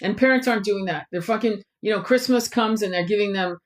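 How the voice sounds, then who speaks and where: A woman's voice: mid-range voice, fast. Blunt, swearing woman ranting to camera. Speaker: tarot channel host. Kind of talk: impassioned monologue to camera.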